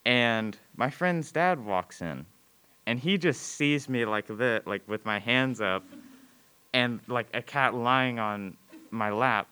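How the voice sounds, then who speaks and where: A teenage boy tells a personal story to a live crowd, his voice bright and crisp. He hesitates often and pokes fun at himself, leaning on "like" and "you know". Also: mid-range voice, lively intonation, takes it slowly. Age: teens. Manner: hesitant, filler-heavy, self-mocking. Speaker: student storyteller.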